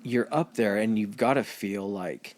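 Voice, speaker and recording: A man's voice: on the low side, unhurried, slight background noise. A man co-hosting a podcast in casual chat, loose and profane, with lots of filler words. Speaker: podcast co-host.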